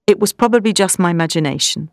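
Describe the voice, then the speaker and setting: Woman voicing a young gentleman on edge, urgent, dry close sound. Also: on the low side, quick pace, no room sound, close to an everyday voice. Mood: tense. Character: frightened young nobleman.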